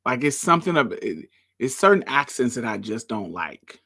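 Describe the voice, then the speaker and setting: Male co-host, casual and outspoken, with a bright, forceful voice. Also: medium pitch, sing-song, moderate pace. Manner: blunt, opinionated, chatty. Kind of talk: casual chat.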